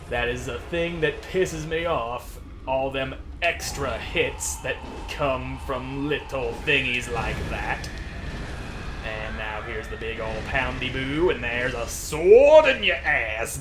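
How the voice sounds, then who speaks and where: Slow-talking goofy, cursing gamer man. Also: mid-range voice. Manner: profane, goofy banter aimed at enemies. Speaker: let's play host. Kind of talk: gameplay commentary.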